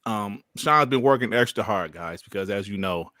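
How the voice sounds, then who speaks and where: A man's voice: on the low side, lively intonation, moderate pace, pushed and bright, no echo, studio quality. A man hosting a casual gaming podcast, talking in slang, filling with "you know" and laughing often. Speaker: podcast host.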